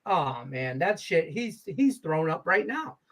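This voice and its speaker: High-pitched guy hosting a betting show, cussing, rambling, laughing a lot. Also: sing-song, unhurried, a bit bright. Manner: profane, rambling, laughs easily. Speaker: sports betting show host. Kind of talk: casual chat.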